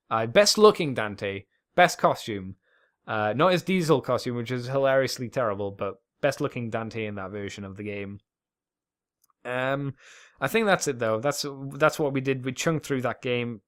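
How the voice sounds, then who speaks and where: A man's voice: mid-range voice, clear, resonant tone. A man hosting a podcast alone, rambling casually with plenty of swearing and self-deprecating asides. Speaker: podcast host.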